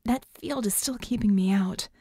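Woman doing a young woman hacker, frustrated, rapid, slightly raised, mellow tone, dry. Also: on the high side, no echo, pitched above the performer's own voice, lightly acted. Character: woman hacker on comms, fast-talking.

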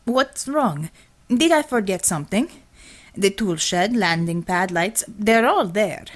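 A woman's voice: mid-range voice, lively intonation, takes it slowly. A woman voicing a harried male building liaison who talks in a defensive, matter-of-fact way.

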